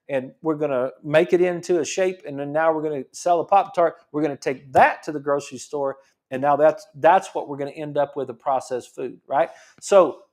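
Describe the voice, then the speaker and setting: Man hosting a health talk show, slightly higher voice. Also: darkish tone. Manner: repetitive, emphatic teaching with restarts. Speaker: chiropractor show host. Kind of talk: explanatory talk-show monologue.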